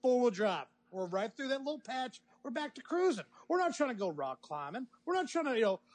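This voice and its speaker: A man co-hosting a podcast, arguing in an excitable, emphatic way and calling the others sir. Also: very high voice, a little fast. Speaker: podcast co-host. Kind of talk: heated casual banter.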